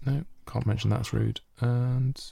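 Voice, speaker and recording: A man's voice: medium pitch, steady tone, unhurried, vocal fry, dark tone, husky, no room sound. A man co-hosting a podcast in casual chat, jokey and rambling. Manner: jokey, rambling, slips into silly voices. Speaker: podcast co-host.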